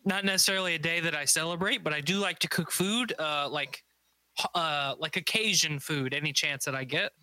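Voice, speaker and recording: A man's voice: fairly high pitch, fairly quick, sharp tone. A man co-hosting a podcast, joking and rambling through casual banter with friends. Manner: joking, rambling, does goofy voices. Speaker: podcast co-host.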